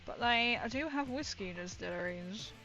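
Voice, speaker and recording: A woman's voice: a little high, lively intonation, moderate pace, bright, forceful tone, highs cut off. A woman with a northern English accent chatting playfully with her stream while painting, laughing often. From northern England. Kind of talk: casual livestream chat while painting. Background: faint music.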